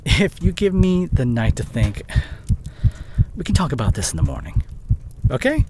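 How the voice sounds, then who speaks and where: A man's voice: on the high side, huge pitch swings, moderate pace, very noisy. A man playing an overworked young boyfriend in an audio roleplay drama, speaking closely and with strong emotion straight to the listener. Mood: exasperated. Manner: emotionally charged, intimate second-person address. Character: overworked young adult boyfriend, short-tempered but loving. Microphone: close studio condenser mic.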